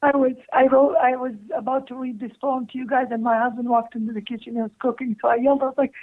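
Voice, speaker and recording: A woman caller from Canada reading her own love poem slowly and tenderly over the phone. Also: high-pitched, level tone. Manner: slow, tender recital with laughing asides. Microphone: telephone. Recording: tinny phone line.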